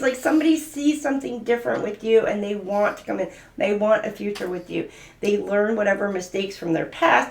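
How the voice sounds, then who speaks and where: A woman reads tarot cards in a loose, chatty way, giggling and gushing between thoughts. Her voice sits at a middling pitch. The room around her rings with noticeable echo. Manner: giggly and gushing, many fillers. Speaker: tarot reader. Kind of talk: casual spoken tarot reading.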